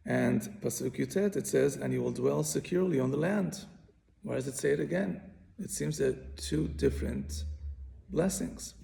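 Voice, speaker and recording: A man's voice: a little high, sing-song, moderate pace, gravelly, warm tone. A man teaching a Bible commentary lesson, patiently explaining and often repeating and restarting his phrases. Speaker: Torah teacher.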